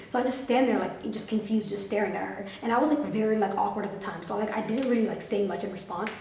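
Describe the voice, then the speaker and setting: Woman, twenties, storytime vlogger, animated, profane, filler-heavy, mid pitch, roomy distant recording. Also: quick pace, gravelly, hardly any pauses. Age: 20s. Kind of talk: storytime vlog. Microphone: camera filming herself. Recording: roomy, mic set back.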